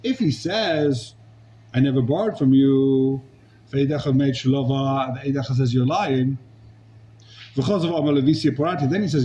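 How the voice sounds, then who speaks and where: A man's voice: medium pitch, extremely slow, dark tone, slight background noise, low-quality recording. A man teaching a Talmud class, arguing a legal case with rhetorical questions and Hebrew and Aramaic terms.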